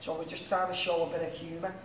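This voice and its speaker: Liverpool man, high voice, distant and echoey. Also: monotone, fast talker. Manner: rambling, peppered with "you know what I mean". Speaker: interview guest, singer. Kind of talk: casual interview chat. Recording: echoey room, distant mic, faint noise.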